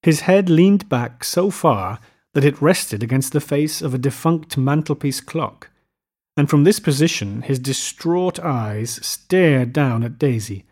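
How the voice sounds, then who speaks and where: A man narrating a literary novel as an audiobook, in a measured, even storytelling manner. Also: mid-range voice, slightly rough.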